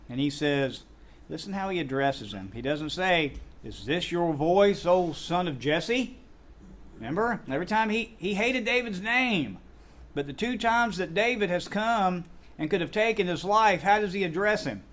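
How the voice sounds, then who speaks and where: A middle-aged man with a drawl leads a Sunday School class through scripture. His voice sits high, and he teaches animatedly, acting out the dialogue and tossing questions to the room. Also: normal speed. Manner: animated, acts out biblical dialogue and quizzes the class. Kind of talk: Bible lesson teaching.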